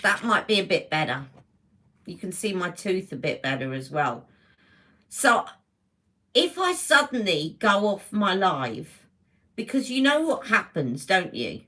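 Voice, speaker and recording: A woman's voice: medium pitch, very animated, a little slow, sharp tone. Woman doing a beauty live, chatty, keeps saying hi to folks mid sentence, normal middle voice. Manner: chatty, greets viewers by name mid-sentence. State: emotional, close to tears. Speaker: beauty livestream host. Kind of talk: casual livestream chat with viewers.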